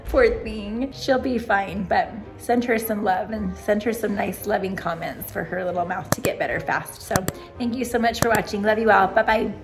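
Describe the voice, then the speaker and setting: A woman's voice: mid-range voice, moderate pace. A woman in her forties, a mother and family vlogger, chatting casually and rambling through a story with many restarts. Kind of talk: casual vlog talk. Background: background music.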